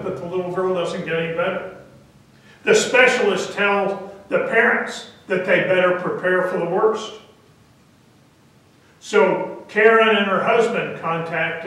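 A male pastor telling a story in a sermon, deliberate and halting now and then, recorded from a distance in a church. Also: high-pitched, fairly bright tone, heavy reverb. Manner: deliberate, with hesitant fillers. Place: church sanctuary.

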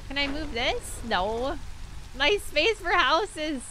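A woman live-streaming a game in casual commentary, excitable and swearing freely, with yelled outbursts at the game. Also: high-pitched, takes it slowly, noisy background.

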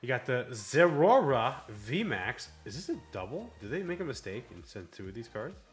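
A man chats his way through opening trading cards for his channel, his pitch rising and falling a lot. He laughs easily and trips over the harder card names. Faint music plays behind him. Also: sing-song, moderate pace. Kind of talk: casual card-opening chat.

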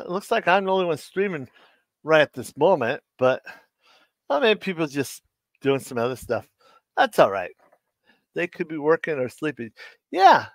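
A middle-aged man hosting a live stream, telling dad jokes in a slow, halting way and chuckling at his own punchlines. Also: on the high side, no room sound. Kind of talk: casual live-stream chat.

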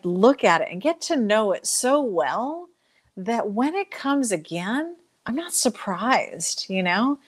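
A woman speaking as an interview guest, talking animatedly and acting out inner voices as she explains. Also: medium pitch. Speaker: guest speaker on joy and emotions. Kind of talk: conversational interview.

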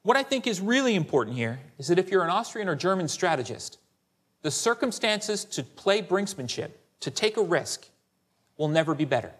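A man giving a lecture as a historian, conversational and lively, often asking "Right?" and quoting sources in character. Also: high voice, moderate pace, slightly rough. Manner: conversational, rhetorical asides like "Right?"; animated, quotes sources in character. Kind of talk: academic lecture.

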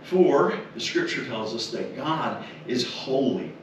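A man preaching a funeral sermon, deliberate and emphatic, repeating key words and dropping to soft low tones. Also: animated, distant mic, a little hiss or hum. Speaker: minister. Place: funeral home chapel. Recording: very echoey chapel, heard from afar.

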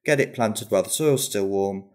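A man's voice: lowish voice, normal speed. A young man, a guest on a gardening podcast, chatting casually and rambling through his thoughts. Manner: warm, rambling with restarts.

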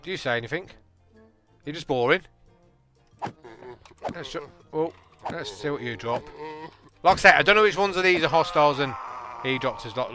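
A man, casually and excitably commentating a game, joking and laughing at his own jokes. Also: a little high. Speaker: gaming channel host.

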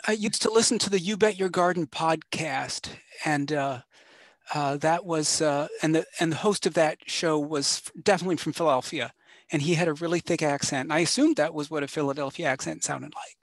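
Man, high voice, dry, chatty and rambling, teasing tone, video call. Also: fairly quick, dry recording. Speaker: gardening group member. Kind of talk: casual video-call chat.

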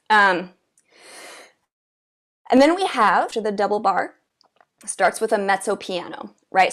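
A woman with a medium-pitched, slightly bright voice leads an oboe masterclass in a chatty, encouraging way. She sings rhythms aloud as she explains, with an oboe playing in the background.

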